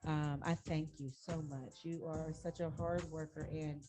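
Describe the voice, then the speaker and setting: A woman hosting a casual music talk show, playful, laughing often and giving shout-outs to listeners. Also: deep voice, flat delivery, measured pace. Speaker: show host. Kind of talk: casual radio-style chat.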